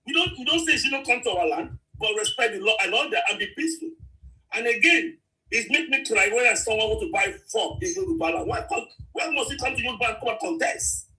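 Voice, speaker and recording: A man's voice: very high-pitched, expressive, quick pace, pushed and bright, poor audio. A man calling in to a radio talk show, speaking in an impassioned, pleading way. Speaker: caller.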